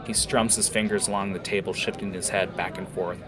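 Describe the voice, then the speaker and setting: A man narrating a fantasy tavern scene in a relaxed way, with fillers. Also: deep voice, fairly quick, a crowd in the background. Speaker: storyteller.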